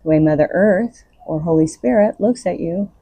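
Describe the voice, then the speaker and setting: A woman's voice: fairly low pitch, normal speed, dark tone, slightly rough, dry recording. A woman hosting her own podcast, giving unscripted spiritual self-help talk in an earnest, coaching way. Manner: earnest, coaching, laughs between thoughts. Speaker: podcast host.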